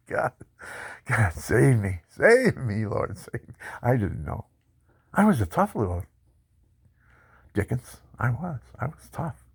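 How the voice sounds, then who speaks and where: A man telling his life story in a personal testimony, animated and boastful, laughing often. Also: mid-range voice, takes it slowly, long pauses, breathy edge, dry recording, clean studio sound.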